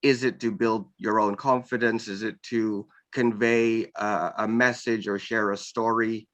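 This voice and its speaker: A man interviewing a guest, talking slowly and searching for words with many pauses and restarts. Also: on the low side, flat delivery, a bit bright. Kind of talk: casual interview talk.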